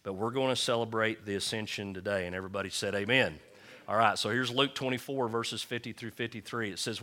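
A man's voice: lowish voice, steady tone, fairly quick, pushed and bright. A male pastor giving a conversational sermon, rallying his congregation with call-and-response. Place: church.

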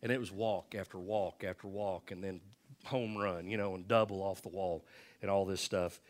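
A middle-aged pastor, telling a self-deprecating story in a folksy, animated sermon. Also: male voice, on the low side.

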